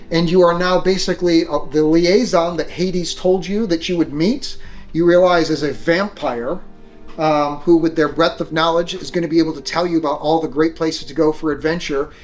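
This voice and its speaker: Fairly high male voice running a tabletop game, chatty and loose, lots of "like"s, faint music underneath. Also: low-quality recording. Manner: casual, full of fillers like "like" and "um". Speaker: game master.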